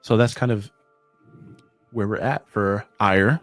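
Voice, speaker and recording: Low-voiced man running a tabletop game. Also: dry recording, soft background music. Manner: reads rules aloud in an even, measured way. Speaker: game master. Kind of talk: explaining game rules at a tabletop session.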